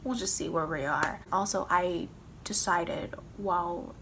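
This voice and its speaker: A woman's voice: fairly low pitch, measured pace, a bit bright, a little hiss or hum. A young woman vlogging casually about her reading, ranting dramatically with swearing, laughter and emotional outbursts. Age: young adult. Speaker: book vlogger. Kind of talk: casual vlog chat.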